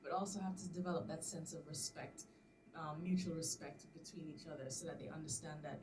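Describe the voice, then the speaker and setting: A young woman in her twenties, a teacher, telling an animated story on a casual podcast, quick to laugh and act out what people said. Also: sits low, crowd noise. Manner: animated storyteller, laughing often, acting out quotes. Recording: distant mic with noticeable background noise.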